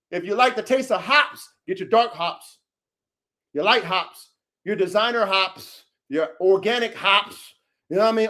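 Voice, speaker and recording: A man hosting a podcast, boasting and ranting in a swaggering, profane way that bursts into shouting. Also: high-pitched. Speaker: podcast host and dog breeder.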